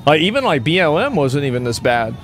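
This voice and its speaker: A man's voice: fairly high pitch, very animated, fairly quick, a bit bright, slight background noise. Blunt, profane man reacting on stream. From United States. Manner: blunt, profane, rambling with frequent restarts. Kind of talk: casual reaction commentary.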